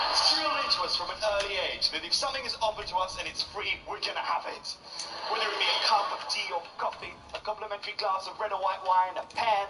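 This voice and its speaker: A posh British comedian tells stories on a big theatre stage, his voice high for a man. He pokes fun at himself. The sound is distant, with music under it. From Britain. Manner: posh, self-mocking storytelling. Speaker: stand-up comedian. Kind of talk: stand-up routine.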